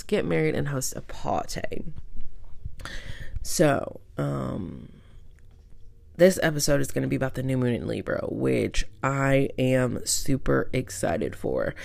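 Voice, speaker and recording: A woman's voice: extremely low pitch, creaky. A woman hosting her own podcast, talking in a blunt, irreverent and chatty way, with plenty of ums along the way. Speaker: podcast host. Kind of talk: casual solo podcast talk.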